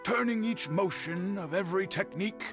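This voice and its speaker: An actor playing a dignified old bladesmith. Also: male voice, high voice, close to an everyday voice. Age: older. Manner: measured, formal, unhurried. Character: elderly male master bladesmith, patient and dignified. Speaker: game character. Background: game music.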